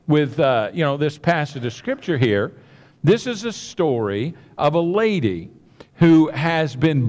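Guy preaching, kinda high voice, tells the story all animated, big hall echo. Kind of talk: sermon. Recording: long hall reverb.

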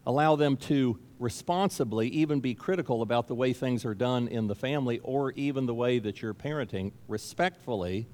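A man's voice: mid-range voice, brisk, hardly any pauses, darkish tone. A man preaching a sermon as pastor, speaking emphatically and repeating key phrases for stress. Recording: long reverb of a large hall.

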